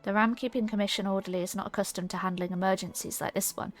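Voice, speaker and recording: A woman's voice: mid-range voice, fairly even intonation, fast talker, faint music behind. A woman streamer chatting casually and rambling while playing a game, reading her chat aloud.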